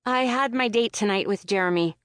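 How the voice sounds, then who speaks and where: A woman's voice: medium pitch, brisk, clear, resonant tone, no room sound, close to an everyday voice. Woman doing a self-conscious young woman in her twenties, earnest, flustered, dry close sound. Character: anxious, awkward young woman gamer, twenty-one.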